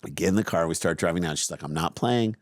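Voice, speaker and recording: A middle-aged man co-hosting a podcast, telling a long story in a lively, self-mocking way. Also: low-pitched, fast, no echo, clean studio sound. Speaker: podcast co-host. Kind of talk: casual chat, storytelling.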